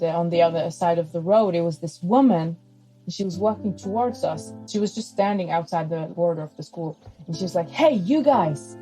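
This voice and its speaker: A young adult woman who grew up in Norway, a pastor and podcast guest, telling personal stories with lively acted-out quotes and frequent laughter. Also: fairly low pitch, low-quality recording. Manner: animated storyteller who acts out quoted voices and laughs often. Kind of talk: personal storytelling in an interview.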